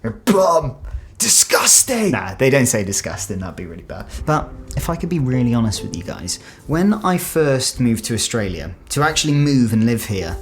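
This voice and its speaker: A man's voice: mid-range voice, big pitch swings, fairly quick, hardly any pauses, soft background music. English guy doing a reaction vid, chatty and thoughtful, regular mid voice. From England. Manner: chatty and reflective, musing aloud. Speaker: YouTube reaction host. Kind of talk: casual reaction commentary.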